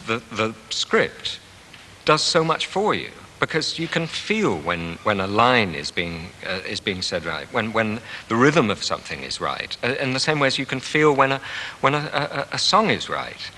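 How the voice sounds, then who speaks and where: A man's voice: medium pitch, sing-song, normal speed, bright, forceful tone, big-room sound, a little hiss or hum. A male actor talking thoughtfully in an interview about his craft, searching for words and restarting often. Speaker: stage actor. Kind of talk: reflective interview.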